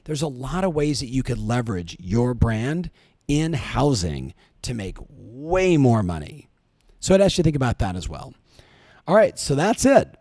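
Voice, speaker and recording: A middle-aged man hosting a podcast, giving energetic business coaching full of rhetorical questions. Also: mid-range voice, normal speed, no echo. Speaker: podcast host and real estate coach. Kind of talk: motivational podcast talk.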